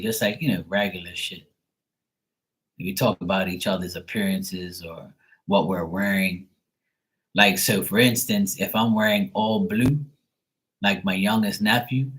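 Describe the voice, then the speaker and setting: A man's voice: on the low side, a bit bright, rough recording. Laid-back, foul-mouthed man rambling. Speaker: tarot reader, channel host. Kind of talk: casual chat to camera.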